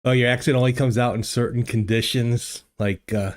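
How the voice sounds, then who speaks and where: An older man hosts a casual livestream from his home studio into a desk microphone, rambling and chatting with live chat viewers. He speaks at normal speed in a steady, mid-range voice, with many fillers and restarts.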